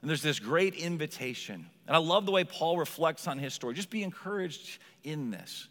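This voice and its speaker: A man's voice: a little high, animated, moderate pace, fairly bright tone, in a large hall. A male pastor preaching a sermon in a conversational way, with frequent asides to the congregation, in a church. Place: church sanctuary.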